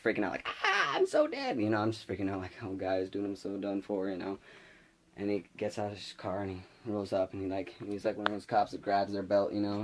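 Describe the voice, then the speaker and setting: Excitable rambling teenage guy, lowish voice. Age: late teens. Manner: rambling, excitable, acts out his own panic. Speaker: vlogger. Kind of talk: casual storytime.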